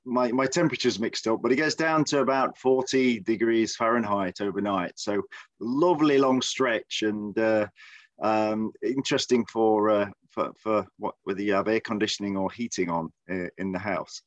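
A man's voice: lowish voice, moderate pace, no room sound, dull audio. A man with an English Midlands accent co-hosting a podcast, chatting casually with lots of fillers and restarts. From Midlands, England. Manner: hesitant, many fillers and restarts. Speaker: podcast co-host. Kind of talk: casual chat. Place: lives in Texas.

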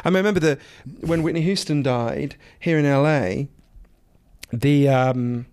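A man, an author and interview guest, talking in an animated, profane, self-interrupting way. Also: a little high, moderate pace, smooth, no echo. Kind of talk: casual conversation.

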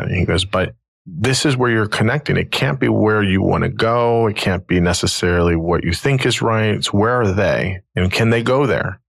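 A man with a low, gravelly, husky voice tells a story in a relaxed, chatty way. He is middle-aged and sounds like a podcast host. The sound is close and dry. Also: dry recording. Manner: animated storyteller, quoting others in his own voice. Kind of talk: casual storytelling conversation.

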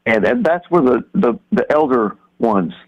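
Man, radio caller, halting conspiratorial rambler, muffled lo-fi line. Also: medium pitch, lively intonation. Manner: halting, many restarts and fillers, conspiratorial. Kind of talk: rambling call-in talk. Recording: dull lo-fi phone-in line.

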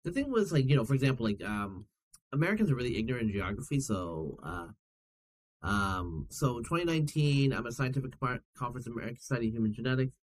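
A man, a podcast guest, talking in a casual and animated way, rambling through stories with many fillers and restarts. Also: medium pitch, fast, poor audio. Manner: animated storyteller. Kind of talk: casual chat.

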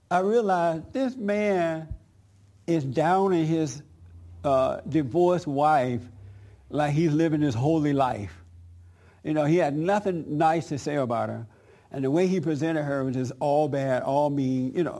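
Man preaching in a conversational, mellow voice. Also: fairly high pitch, a little slow. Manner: conversational, anecdotal, asks the audience questions. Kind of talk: sermon storytelling.

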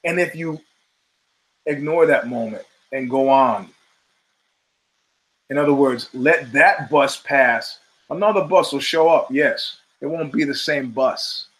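A man's voice: mid-range voice, slow, long pauses, fairly bright tone, low-quality recording. A middle-aged man hosting his own show, telling stories in a casual, profane monologue and acting out the voices of people he quotes. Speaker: show host.

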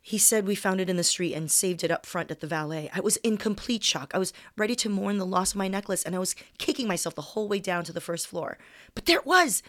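A woman's voice: mid-range voice, lively intonation, fast, a bit bright, no room sound, studio quality. A young woman comedian reading a personal story aloud in a candid, conversational way, all in one take.

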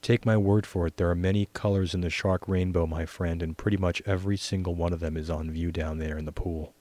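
A man's voice: low-pitched, steady tone, a little fast, dark tone, no echo, close to an everyday voice. A man reading a story and voicing a cocky teenage boy who lectures his friend with a full mouth. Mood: lecturing. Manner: smug, lecturing.

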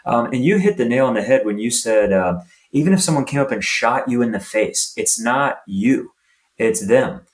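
A man's voice: medium pitch, moderate pace. A man, a youth soccer coach, speaking as a podcast guest and acting out what coaches and players say. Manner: animated storytelling, acts out coach and player lines. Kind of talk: podcast interview.

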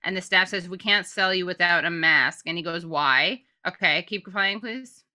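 A woman's voice: fairly low pitch, moderate pace, sharp tone. A woman co-hosting a casual commentary chat, blunt and profane, joking as she reacts. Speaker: co-host.

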